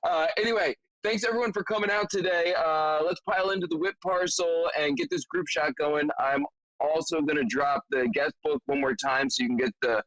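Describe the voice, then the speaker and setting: A man's voice: on the high side, brisk, a bit bright, dry recording, poor audio. A man hosting an online meetup in a loose, laughing casual chat with many fillers. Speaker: meetup host.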